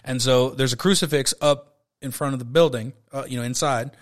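Brisk and medium-pitched with fairly even intonation, the thirtysomething host of a podcast talks casually about a film he adores. He rambles, curses freely, and fills gaps with frequent fillers.

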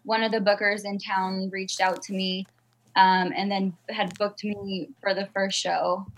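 A stand-up comedian from Southern California answers interview questions in a chatty, self-deprecating way, full of fillers. Her mid-range voice is flat and unhurried, and the recording is rough.

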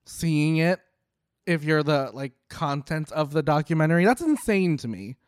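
A young man with a slightly high voice riffs sarcastically as he reacts to a video, tossing off quick jokes and swearing casually. The sound is close and dry, with no room around it. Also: expressive, smooth, no room sound.

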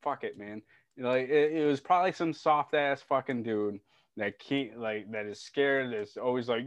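A man's voice: mid-range voice, normal speed, no room sound. A man who is a serving soldier, talking bluntly and with frustration in casual chat, with a lot of swearing. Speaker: serving soldier, podcast guest. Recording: dry, dull lo-fi sound.

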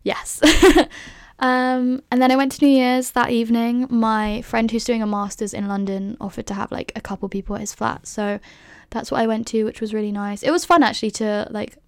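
A woman's voice: on the high side, fairly even intonation, normal speed, clear, resonant tone, dry recording, studio quality. A woman in her twenties from the UK, telling a story in a chatty, casual way with lots of fillers and laughs. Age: 20s. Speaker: vlogger.

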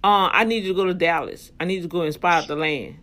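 A woman's voice: lowish voice, fast, fairly bright tone. Emphatic woman preaching in casual chat. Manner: emphatic, call-and-response encouragement. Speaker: podcast co-host.

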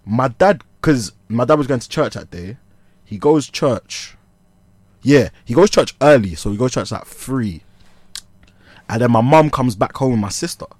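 A young man spins an animated, slangy story on a comedy podcast. His voice sits at an ordinary pitch and sounds close and dry. He laughs his way through the tale. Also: unhurried, dry recording. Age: young adult. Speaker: podcast co-host.

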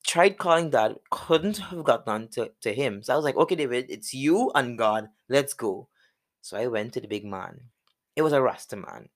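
A young man with a Guyanese accent, hosting a podcast and telling a personal story in a casual way, laughing often. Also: moderate pace. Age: young adult. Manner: animated, laughs often, jumps into high voices when quoting people. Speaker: podcast host.

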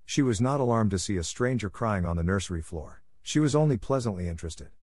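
A man narrating a classic children's story in a measured, even reading. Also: fairly low pitch, no echo, studio quality.

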